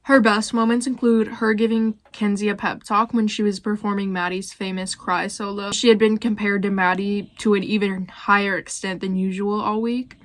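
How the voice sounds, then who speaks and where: A woman's voice: medium pitch, flat delivery, normal speed, few pauses, no echo. Blunt young woman, dry close voice-over. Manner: blunt and opinionated, swears freely. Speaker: YouTuber ranking reality show cast. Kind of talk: casual commentary voice-over.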